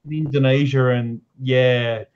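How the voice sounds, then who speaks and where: A man's voice: mid-range voice, little pitch movement, measured pace, very noisy. A man joking and laughing his way through a casual chat as a stream co-host. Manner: joking, goofy, laughs a lot. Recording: dull lo-fi stream audio.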